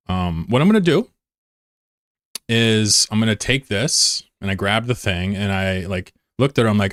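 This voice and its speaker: A young man telling a story in casual, self-mocking chat, animated as he retells it. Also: on the low side, normal speed, no room sound, clean studio sound. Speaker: streamer. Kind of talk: casual storytelling while gaming.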